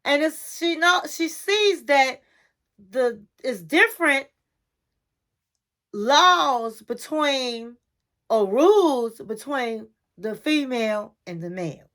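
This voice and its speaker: Woman, high voice, sassy, chatty, casual TV recap commentary. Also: animated, takes it slowly, a bit bright. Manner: sassy, chatty, addresses the listener as honey. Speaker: reality TV recap host.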